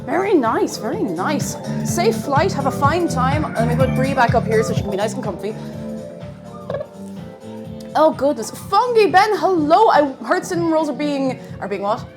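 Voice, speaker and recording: A woman's voice: high voice, big pitch swings, normal speed, over music. A woman hosting a live stream from her home kitchen, chatting playfully with viewers and making silly asides. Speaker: livestream host. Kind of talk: casual chat with live viewers.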